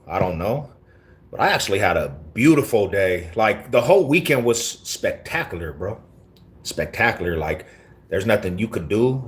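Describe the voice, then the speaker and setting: Male livestreamer, lowish voice, brash and confrontational, heavy slang. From Colorado. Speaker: livestreamer reading chat. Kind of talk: casual live-stream talk.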